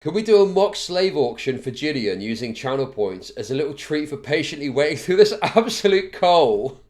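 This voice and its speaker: A man's voice: fairly high pitch, big pitch swings, moderate pace, a little mellow. A male live streamer reading a court ruling aloud, racing through the legal text and breaking off into bored, sardonic asides, recorded on a desk microphone.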